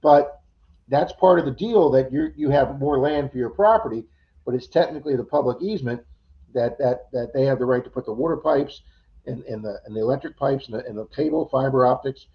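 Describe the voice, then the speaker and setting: A man's voice: mid-range voice, fairly quick. Chatty storytelling man on lo-fi stream. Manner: animated storyteller, acts out quoted voices. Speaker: livestream host. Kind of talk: casual chat. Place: Florida.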